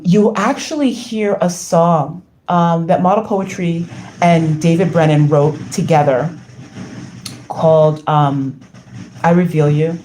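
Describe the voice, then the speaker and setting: A woman's voice: lowish voice, mellow, a little hiss or hum. A woman from the United States hosting a casual livestream, effusive and rambling, with lots of ums as she reads the chat. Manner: effusive, rambling with many fillers. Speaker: livestream host.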